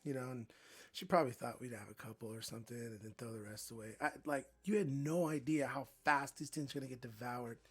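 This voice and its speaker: A man's voice: mid-range voice, quick pace, breathy edge. A man co-hosting a podcast, laid-back and laughing easily in casual chat. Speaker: podcast co-host.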